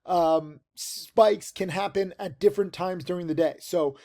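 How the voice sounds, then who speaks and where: A man's voice: high-pitched, measured pace, dark tone. A man in his forties teaching trading in a casual, rambling video monologue full of fillers, recorded in a tent outdoors. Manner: rambling, filler-heavy, emphatic.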